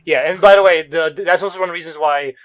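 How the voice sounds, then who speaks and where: Fast-talking, excited man. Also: fairly high pitch. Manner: excited, profane storytelling. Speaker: podcast co-host. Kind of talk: casual chat.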